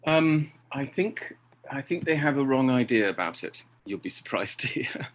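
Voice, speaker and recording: Middle-aged guy chatting about directing, lively, mid-range voice, does little voices for quotes. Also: medium pitch, normal speed, slight background noise. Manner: animated, acts out quoted exchanges. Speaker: theatre director. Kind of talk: conversational interview.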